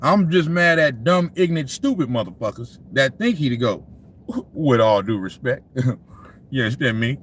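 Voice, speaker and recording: A man's voice: medium pitch, lively intonation, moderate pace, a little hiss or hum. A man hosting a sports talk livestream, ranting casually with lots of profanity and frequent laughter as he talks to his chat.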